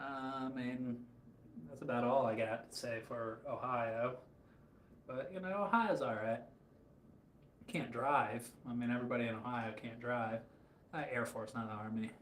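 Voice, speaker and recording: A man's voice: mid-range voice, slight background noise. Chatty man cooking in a roomy space. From Michigan, USA. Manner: rambling, joking asides while answering chat. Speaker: cooking streamer. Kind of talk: casual cooking livestream. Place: hotel room kitchen. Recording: roomy with faint ambience.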